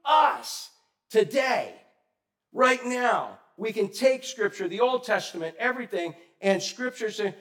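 Animated preacher man. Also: sits high, measured pace. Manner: animated, conversational, swings loud and soft; asks the congregation questions. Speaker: pastor. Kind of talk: sermon.

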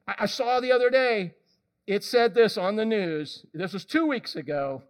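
A male preacher giving a lively, conversational sermon, often questioning the congregation. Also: sits high, moderate pace.

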